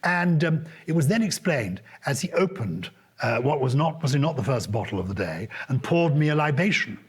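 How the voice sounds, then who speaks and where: A man's voice: mid-range voice, normal speed, breathy edge. An older English man, co-host of a podcast, telling a story in casual chat and briefly putting on the voices of other people. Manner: animated anecdote-telling with put-on voices.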